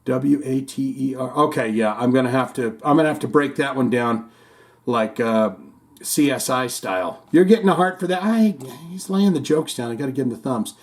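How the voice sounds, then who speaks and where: A man's voice: medium pitch, lively intonation, fairly quick. A man hosting a casual chat show, reading out and answering viewer comments with rambling restarts. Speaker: host.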